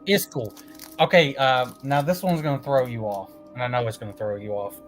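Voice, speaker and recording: A man hosting a casual comic review chat, excitable, laughing often and swearing casually. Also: medium pitch, brisk, faint music behind.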